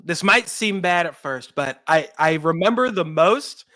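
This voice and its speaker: A man's voice: fairly high pitch, animated, a little slow, pushed and bright. A man appearing as a podcast guest, talking in a thoughtful, slightly hesitant way. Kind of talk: casual podcast chat.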